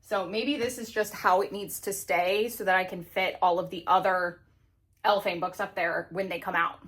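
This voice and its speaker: Rearranging bookshelves at home, a woman in her thirties who runs a book vlog talks casually to the camera, giggling, breathless and using lots of fillers. She speaks at a normal speed in a lowish, steady voice with a fairly bright tone.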